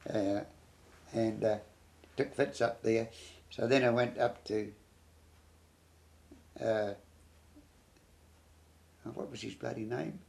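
A man's voice: on the low side, fairly even intonation, slow, creaky, pauses often, a little mellow. An older man with a New Zealand accent tells a blunt, rambling war recollection, swearing freely as he goes. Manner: blunt, rambling, peppered with "bloody". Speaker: war veteran. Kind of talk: oral history recollection.

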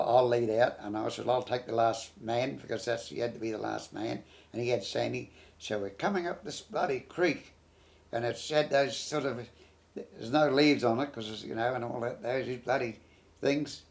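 A man's voice: medium pitch, moderate pace, gravelly. An older man with a New Zealand accent tells a blunt, rambling war recollection, swearing freely as he goes. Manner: blunt, rambling, peppered with "bloody". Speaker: war veteran. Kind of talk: oral history recollection.

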